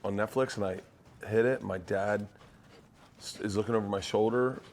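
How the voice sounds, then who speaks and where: Man, comedian, lower voice, casual chat, excitable, faint noise. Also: moderate pace, vocal fry. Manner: excitable storyteller, swings high to act out quotes. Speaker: stand-up comedian.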